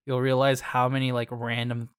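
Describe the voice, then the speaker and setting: Chatty podcast host, dry close sound. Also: male voice, mid-range voice, normal speed, smooth, no room sound. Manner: animated, playful, lots of filler "like". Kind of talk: casual chat.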